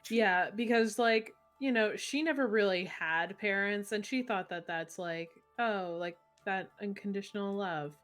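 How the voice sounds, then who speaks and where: A woman's voice: medium pitch, unhurried, few pauses, a bit bright, soft background music. A woman player in a tabletop game talking casually, with many "like"s. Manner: chatty, many "like"s. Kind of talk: casual chat.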